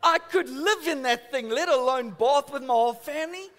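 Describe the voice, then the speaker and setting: A man's voice: extremely high pitch, moderate pace. A man preaching a sermon in church, telling stories with acted-out voices. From South Africa. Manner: animated storytelling with acted-out voices. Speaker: pastor.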